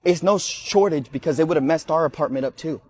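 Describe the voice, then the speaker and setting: A man's voice: on the high side, brisk, a little mellow. A young man filming himself on his night shift, nervous and jumpy, talking in slang and breaking off mid-sentence. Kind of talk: frightened self-filmed clips. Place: indoors, store at night. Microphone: handheld phone camera.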